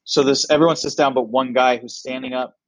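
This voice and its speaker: Animated man telling a story. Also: mid-range voice, a little fast, dry recording, poor audio. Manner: animated, acts out other people's lines. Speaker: comedian guest. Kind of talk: casual storytelling chat.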